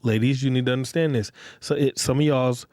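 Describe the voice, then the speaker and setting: A man's voice: medium pitch, fairly even intonation, a little fast, darkish tone, dry recording. Host, male, blunt repetitive lecturing delivery, dry close-mic sound. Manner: blunt, repetitive, street slang, addresses listeners directly. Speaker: podcast host. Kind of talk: casual monologue podcast.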